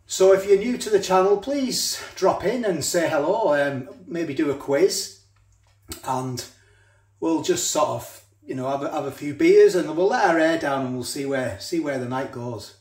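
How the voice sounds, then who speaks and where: In a home kitchen with an echoey sound, a man cooks and tastes food for a casual review vlog. His voice is fairly high, a little slow and somewhat mellow, and he chats away, talks while chewing and often restarts sentences.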